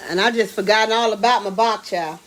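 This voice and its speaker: A woman, chatting excitedly to viewers while cooking in her home kitchen. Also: medium pitch, brisk. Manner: excitable, exclaims with food, talks to viewers as y'all and baby. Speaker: home cook hosting a live cooking stream. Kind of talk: casual live cooking chat.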